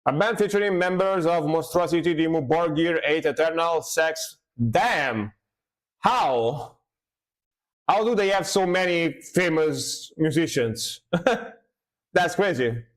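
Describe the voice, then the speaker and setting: A man's voice: a little high, expressive, takes it slowly. Chatty man reacting to metal. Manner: chatty, laughs often, repeats phrases. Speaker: music reaction streamer. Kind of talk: casual live reaction chat.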